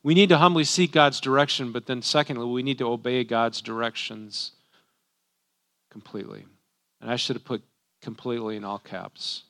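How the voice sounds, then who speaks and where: A man's voice: mid-range voice, a bit bright, clear, resonant tone. A man, a pastor, preaching a sermon in a conversational way, often tagging rhetorical questions.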